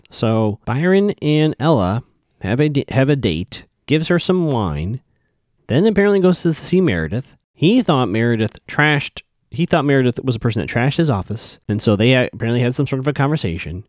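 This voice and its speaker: A man's voice: mid-range voice, darkish tone, dry recording, clean studio sound. A man casually recapping a TV episode, rambling and often asking whether characters can be trusted. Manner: chatty, rambling, questioning. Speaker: show recap host.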